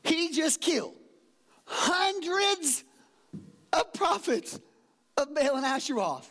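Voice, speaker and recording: A middle-aged man preaching a sermon in church, energetic, dropping to low asides and rising to loud exclaims, acting out quotes in changed voices. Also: slow. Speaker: pastor. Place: church sanctuary.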